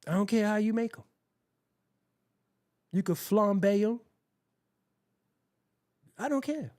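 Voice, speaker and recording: A man hosting his own show, telling a rambling, profane story in a casual, animated way. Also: high-pitched, slow pace. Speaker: host.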